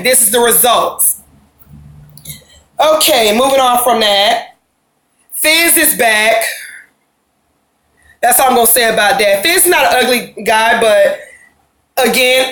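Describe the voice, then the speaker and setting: A woman talks through a TV episode recap, chatty and full of slang, drifting off into side comments. Her voice sits a little high and bounces around an echoey room. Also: a bit bright. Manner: chatty, slangy, rambling with asides. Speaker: show recap vlogger.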